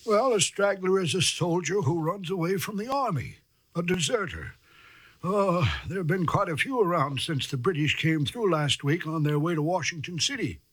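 A man acting as a gentle, hospitable older country doctor who talks in a soothing, old-fashioned way in a radio drama. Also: high voice, animated, moderate pace, slightly rough, dry recording, full character voice.

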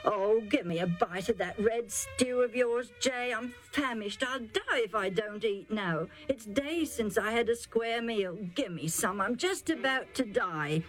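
A woman voicing a rough, hungry young hunter who talks loudly and demands food. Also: on the high side, lively intonation, a little slow, few pauses, soft background music, voice pushed up. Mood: demanding. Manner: loud, blustering, demanding.

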